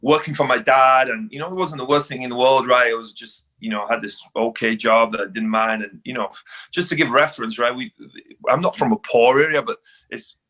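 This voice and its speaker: A man's voice: mid-range voice, steady tone, a little fast, sharp tone. A man from the UK with a British accent, giving reflective answers in an interview and repeating words as he thinks. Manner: reflective, hesitant repetitions. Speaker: guest.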